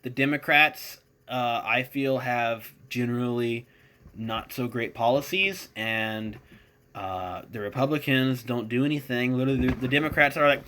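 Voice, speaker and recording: A man's voice: mid-range voice, moderate pace, sharp tone. A man hosting his own podcast, giving a casual, rambling, opinionated monologue with a sarcastic edge and plenty of fillers. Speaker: podcast host.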